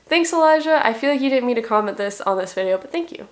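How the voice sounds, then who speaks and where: A woman's voice: fairly high pitch, fast. A young woman reading comments aloud at home in a dry, self-mocking way. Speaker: vlogger.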